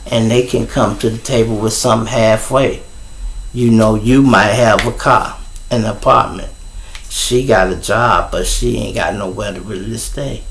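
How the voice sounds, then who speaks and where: A middle-aged man with a Chicago accent, hosting his show and telling a profane, animated story in a casual way. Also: fairly low pitch, measured pace, slight background noise. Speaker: show host. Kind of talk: storytelling on a livestream.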